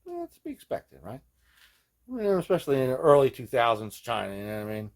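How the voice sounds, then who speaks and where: Male host, casual workshop banter, animated pitch, loose and profane, laughs at himself. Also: fast talker. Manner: rambling, loose and profane, peppered with "man" and "you know what I mean"; laughs at his own jokes. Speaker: host of a guitar repair video journal. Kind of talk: casual hands-on workshop chat.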